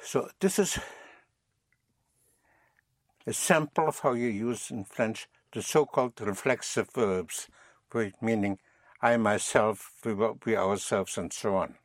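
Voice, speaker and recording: A man teaching a recorded language lesson, patiently drilling phrases, repeating them and gently correcting his students. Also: on the low side, a little slow, long pauses, no room sound, clean studio sound.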